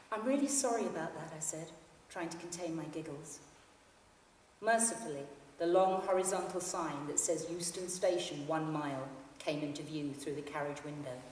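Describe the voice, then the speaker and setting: A woman's voice: low voice, darkish tone, a little hiss or hum. A woman in her fifties reading from her memoir to an audience in a library hall, with a dry, understated storytelling manner. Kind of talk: public book reading. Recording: echoey hall, mic from far off.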